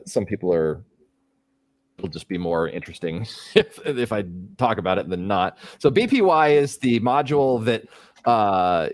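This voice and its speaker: A middle-aged man with a deep voice runs a laid-back livestream, talking through his work aloud and rambling with filler words. There's no echo in the recording.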